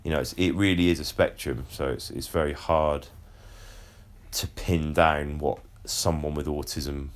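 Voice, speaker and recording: A man's voice: rumbling low, steady tone, unhurried. A young man hosting a casual podcast, chatty and explaining at length, often repeating words as he starts a sentence. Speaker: podcast host.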